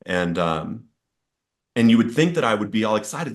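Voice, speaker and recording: Male guest, lower register, earnest testimony delivery, builds intensity when recounting outbursts. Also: animated, normal speed. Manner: earnest, storytelling with rising intensity in quoted outbursts. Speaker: podcast guest sharing recovery story. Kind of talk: emotional personal testimony.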